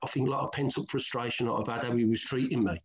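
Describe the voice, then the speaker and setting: A middle-aged former footballer from England with a Birmingham accent, telling candid stories in an interview and acting out old conversations in a colloquial way. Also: male voice, mid-range voice, steady tone, racing. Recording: dull lo-fi sound.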